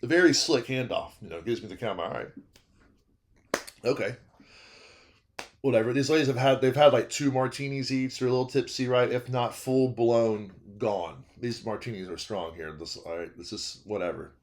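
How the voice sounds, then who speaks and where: A young man, telling a comedic story about his work as a restaurant server. He talks in an animated way, cuts himself off, and repeats phrases for laughs. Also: mid-range voice, brisk, few pauses. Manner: animated, self-interrupting, repeats phrases for comic effect.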